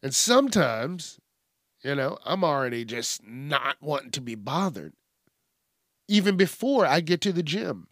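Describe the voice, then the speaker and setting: A man hosts a comedy podcast in an unhurried, rambling rant. His pitch swings widely and he swears freely, often laughing at himself. The sound is dry and close to the mic. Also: big pitch swings, fairly bright tone, no room sound. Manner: rambling, profane, self-mocking, acts out little voices. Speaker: podcast host.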